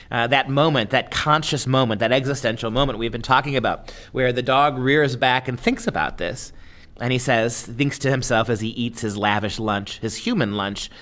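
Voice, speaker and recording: A man in the middle of a lecture, his voice at an ordinary middle pitch. He talks in a discursive way, throwing in rhetorical "right?" checks and "uh" fillers as his thoughts unfold. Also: normal speed, fairly bright tone.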